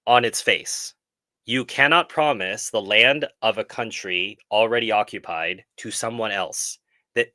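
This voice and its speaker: A man's voice: mid-range voice, pushed and bright, no echo. A man hosting a film club live stream, talking earnestly and reflectively and often correcting himself mid-sentence. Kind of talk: casual live stream discussion.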